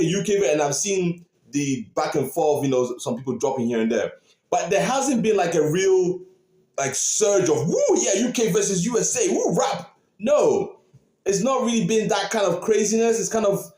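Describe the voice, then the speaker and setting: A man talks through his reaction in an excited, casual way, his voice rising and falling a lot and sitting a bit high. He laughs often and keeps asking "you know what I mean". The sound is roomy, with a clear echo. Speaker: reaction video host.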